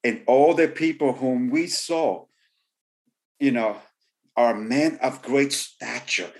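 A pastor with a mid-range voice delivers a sermon slowly, repeating key phrases for emphasis and frequently saying "you know."

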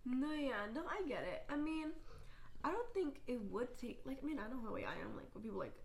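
A young woman with a fairly high, animated voice talks quickly. She reassures her friend with casual swearing and constant "like" fillers. It sounds like an easy, unscripted chat. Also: creaky, a little hiss or hum. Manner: supportive listener, many "like" fillers, swears casually. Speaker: podcast co-host.

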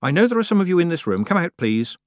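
A man's voice: fairly high pitch, sing-song, fast talker, no room sound, clean studio sound, voice pushed up. A man voicing a sensible, earnest young witch girl who speaks patiently.

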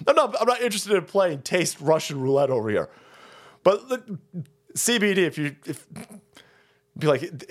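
A male livestream host rants with heavy profanity and sarcasm, breaking into laughs along the way. His voice sits a little high for a man. His pitch swings widely from line to line. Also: sing-song, moderate pace, pauses often. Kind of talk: ranting livestream commentary.

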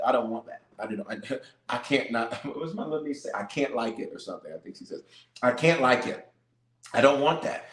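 A man's voice: mid-range voice, reverberant, poor audio. A middle-aged man, a bishop, leading a live-streamed prayer and sermon, making declarations and calling on his listeners in a loose, colloquial way.

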